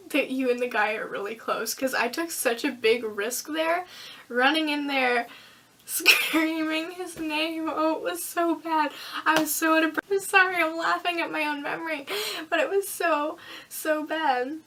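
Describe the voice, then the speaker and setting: A teenage girl telling a storytime vlog in a giggly, animated way, with lots of fillers. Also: high-pitched, a little slow, distant mic. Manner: animated, giggly, breathless retelling with many fillers. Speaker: vlogger.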